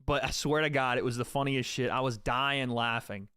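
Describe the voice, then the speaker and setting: A man's voice: mid-range voice, normal speed, sharp tone, clear, resonant tone, no room sound, clean studio sound. A young man hosting a livestream, joking and swearing casually as he talks to his chat. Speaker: streamer host.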